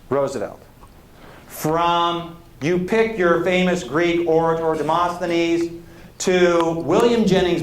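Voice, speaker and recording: A man giving a public lecture as a historian, talking in a conversational, digressive way and putting questions to the audience. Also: a little high. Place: lecture hall. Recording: echoey lecture hall.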